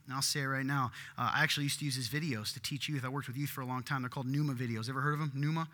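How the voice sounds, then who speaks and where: A man preaching a sermon in a church, animated and breaking into loud emphatic bursts. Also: medium pitch, racing, in a large hall. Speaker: pastor.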